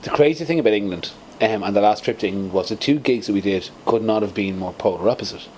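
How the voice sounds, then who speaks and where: A middle-aged man, a band's guitarist, telling stories in an animated way in a casual interview, laughing often. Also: on the low side, fast, a little hiss or hum. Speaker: band guitarist.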